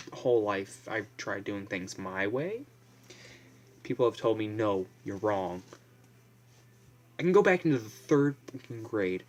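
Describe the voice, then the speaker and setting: A young man vlogging in a casual, blunt, profane ramble, full of fillers and restarts. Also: mid-range voice.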